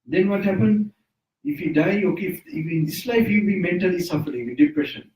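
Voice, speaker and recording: A man leads an informal Buddhist talk in someone's home. His voice is mellow and sits a little high, with restarts and frequent small chuckles. The mic is set back from him in a room that echoes. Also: expressive, brisk, slight background noise. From Sri Lanka. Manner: loose, self-correcting, chuckles often. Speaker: Buddhist monk teacher. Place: indoors at a private residence. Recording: roomy sound, mic at a distance.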